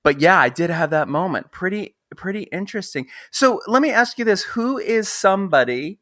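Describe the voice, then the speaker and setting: A man in his fifties interviewing a guest in a casual chat, telling a long personal story in a rambling, animated way with many restarts. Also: high voice, normal speed, no echo, clean studio sound. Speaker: podcast interviewer.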